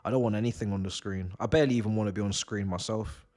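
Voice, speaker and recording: A man's voice: lowish voice, very fast, a little mellow. A young man streaming a live football watch-along from home, ranting and swearing with bursts of laughter. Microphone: desk mic.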